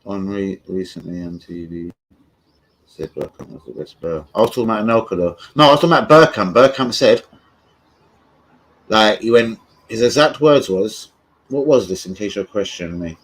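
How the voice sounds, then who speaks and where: A young football fan rants on a livestream, rambling, swearing, and losing his thread. His voice is on the low side with lively intonation at a normal speed, and the recording quality is poor.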